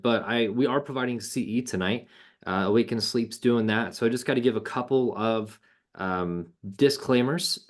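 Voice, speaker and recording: A man hosting an online webinar over a video call, laid-back and joking, with slangy casual talk. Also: on the low side. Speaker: webinar host. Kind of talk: casual presenting.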